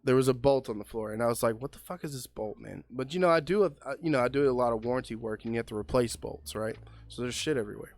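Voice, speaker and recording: A man's voice: mid-range voice, fast. A young man, a car mechanic co-hosting a podcast, telling a long shop story in casual, profane chat. He keeps tagging lines with "man" and "right?". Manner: animated storyteller, heavy swearing, filler "man" and "right?".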